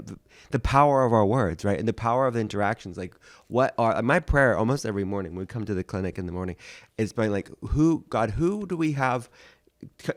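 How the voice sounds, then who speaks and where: A man's voice: on the low side, no echo. Enthusiastic male podcast host, dry sound. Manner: enthusiastic, affirming. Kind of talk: casual interview conversation.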